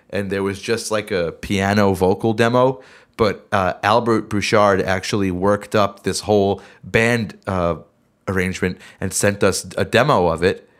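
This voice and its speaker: Low-ish middle-aged guy rambling on a podcast, kinda sick-sounding, keeps going off on tangents. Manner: rambling, self-interrupting storyteller. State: sick, voice a bit worn. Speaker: band member and podcast host. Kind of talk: casual chat.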